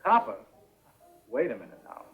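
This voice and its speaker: An actor playing a breezy, brisk radio talent agent. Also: male voice, faint music behind, lightly acted. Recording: muffled old film sound, distant.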